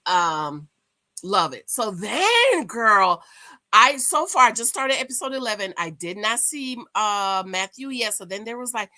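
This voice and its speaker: Woman, chatty home vlog, gossipy, excitable, bright tone, slightly high voice. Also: measured pace. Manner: gossipy, excitable, talks straight to viewers as "girl". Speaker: YouTube host reviewing a reality dating show. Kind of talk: casual chatty recap to camera. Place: at home indoors.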